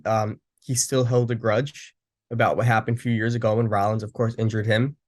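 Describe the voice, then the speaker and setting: A young man talks through last night's wrestling show in a loose, rambling way, stumbling over restarts and filling gaps with ums. His voice sits at an ordinary middle pitch. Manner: rambling, many restarts and fillers. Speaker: wrestling show recap co-host. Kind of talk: casual recap chat.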